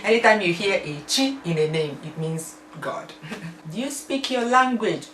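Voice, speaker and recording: A young Nigerian woman with a slightly low voice chats playfully through a list of questions, laughing between her answers. She sounds a little distant, and the room around her echoes. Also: animated, a little slow, a bit bright, a little hiss or hum. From southeastern Nigeria. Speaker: vlogger. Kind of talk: casual tag video answering questions.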